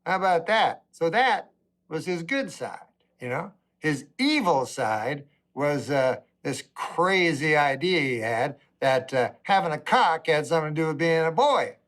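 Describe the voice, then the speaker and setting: A middle-aged man doing a stand-up comedy routine, with a deadpan, rambling delivery full of asides. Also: on the high side, measured pace.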